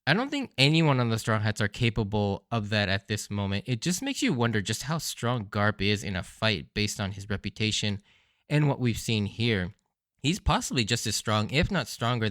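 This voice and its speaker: A man's voice: on the low side, fairly bright tone, no room sound, studio quality. A man hosting a podcast, recapping anime episodes in a casual, enthusiastic way and laughing often. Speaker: podcast host.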